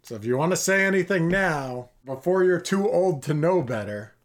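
A man co-hosting a podcast, teasing his friend in casual chat. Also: a little high. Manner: teasing, jokey. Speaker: podcast co-host.

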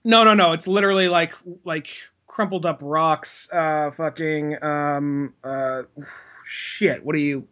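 Podcast co-host, male, high-pitched, rambling storyteller who loses words and swears. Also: fairly even intonation, takes it slowly, sharp tone, dull audio. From California. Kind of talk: casual chat.

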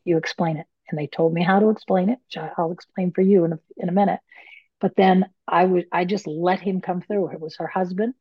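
A woman's voice: on the low side, fairly even intonation, a little fast, breathy edge, no echo, highs cut off. A woman medium and author, telling her story casually and acting out her own panicked inner voice.

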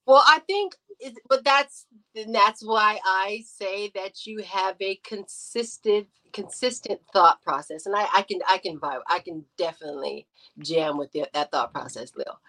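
A woman guest on a podcast, talking in a casual debate with an animated, emphatic delivery and loud outbursts. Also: mid-range voice, measured pace, low-quality recording. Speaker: podcast guest, radio show host.

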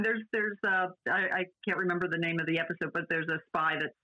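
A woman's voice: fairly low pitch, fast, pushed and bright. Chatty woman on dull lo-fi audio. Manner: chatty, many restarts and fillers. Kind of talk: casual chat about classic TV.

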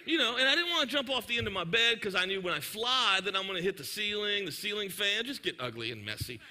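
A man, preaching to his congregation. He tells a lively, joking story and talks directly to the crowd. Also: high voice, quick pace. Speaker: pastor. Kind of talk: sermon storytelling.

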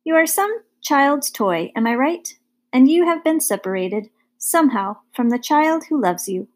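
A woman voicing an enormous bearded male hobo who speaks gently, formally and fondly, in a storybook reading. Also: high voice, expressive, pitched above the performer's own voice. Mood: kindly. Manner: formal, fond, unhurried speech.

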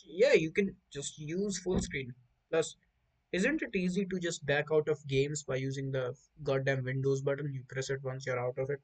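A man hosting a casual podcast chat, rambling in an animated way and swearing freely. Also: mid-range voice, normal speed, poor audio. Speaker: podcast host.

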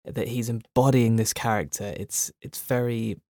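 A man's voice: mid-range voice, fairly even intonation, normal speed, a little mellow, dry recording, studio quality. A man in a casual film chat, giving emphatic, admiring praise.

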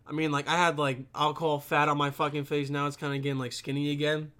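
A man's voice: a little high, little pitch movement, fast talker, bright, forceful tone, smooth. A young man venting to his camera in a rambling, profane rant, filmed on a camera set on his computer. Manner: profane, rambling, swears constantly. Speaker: vlogger.

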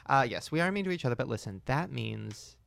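A young man co-hosting a casual podcast, joking and teasing with loud bursts of laughter. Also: mid-range voice, lively intonation, fairly quick, gravelly. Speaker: podcast co-host.

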